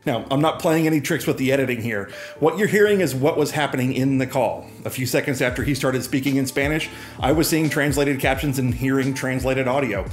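A man narrates a scripted tech explainer in a breezy, upbeat tone, his voice sitting at an ordinary middle pitch. Soft music plays faintly underneath. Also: a little fast. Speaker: presenter demoing software.

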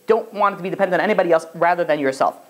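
Fast-talking rabbi giving a class. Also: male voice, high-pitched. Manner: animated, acts out quoted voices, many restarts. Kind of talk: Torah class lecture.

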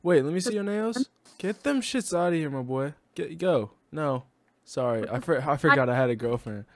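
A man's voice: a little high, animated, normal speed, fairly bright tone, no echo. Brash teasing young man. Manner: brash, teasing, laughs often. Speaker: video chat prankster. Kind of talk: casual roasting chat. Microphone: own desk microphone.

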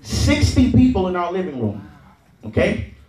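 A man's voice: sits high, wildly swooping pitch, normal speed, mellow. A man training an audience at a sales event, repeating himself and leading call-and-response chants. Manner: repetitive, drills the crowd with chants and okays. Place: large event room with an audience. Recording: echoey hall, mic at a distance.

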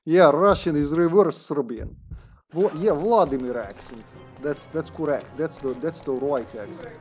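A man's voice: on the high side, moderate pace, darkish tone, faint music behind. A man streaming a game live, joking, laughing and swearing as he plays. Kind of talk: live gameplay commentary.

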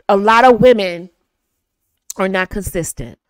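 A woman's voice: medium pitch, slow pace, clear, resonant tone, no echo, studio quality. An American woman in her thirties, hosting and giving confident, casual dating advice to women, often laughing and acting out bits of dialogue.

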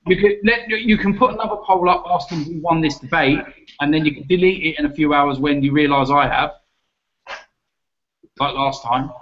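A man, his voice a touch high, rants and mocks his way through a football debate. He swears now and then. The sound is muffled and lo-fi. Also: moderate pace. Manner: mocking, ranting, swears. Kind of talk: heated debate banter. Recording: muffled lo-fi audio.

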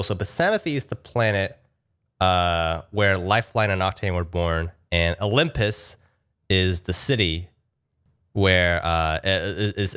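A man giving casual, excitable commentary over gameplay, talking to his viewers and speculating. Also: low voice. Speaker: gaming YouTuber.

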